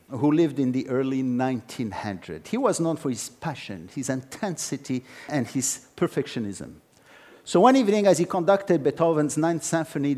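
Emphatic preacher, man, fairly high voice. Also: darkish tone. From Jewish background, no country stated. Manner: earnest, emphatic, storytelling asides with "okay" and "by the way". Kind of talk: sermon.

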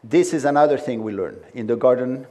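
A man's voice: medium pitch, fairly quick, warm tone. A man preaching a sermon with emphatic delivery and frequent conversational asides.

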